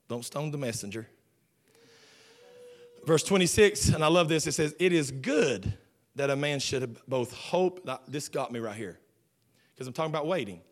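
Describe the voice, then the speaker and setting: A male pastor preaching a sermon, swinging from fervent shouting to hushed lines, often repeating words as he restarts. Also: mid-range voice.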